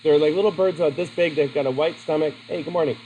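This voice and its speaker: A man's voice: on the high side, quick pace, dark tone, slight background noise, rough recording. A man teaching a class in a classroom, chatty and asking his students questions. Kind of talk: classroom lesson.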